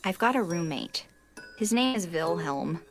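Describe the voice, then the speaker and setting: A woman's voice: on the low side, lively intonation, measured pace. A woman voicing a chatty, scatterbrained young homeowner in a video game, bubbly and apologetic, with game music behind her. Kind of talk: studio game voice acting.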